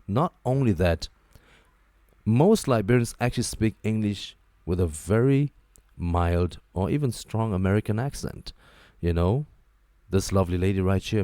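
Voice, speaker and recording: A very deep male voice that swings widely in pitch as he jokes and riffs through a talk show monologue, repeating lines for emphasis. The sound is dry and close, with almost no room around it. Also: no echo. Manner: animated, joking, repeats phrases. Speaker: host. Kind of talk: casual commentary monologue.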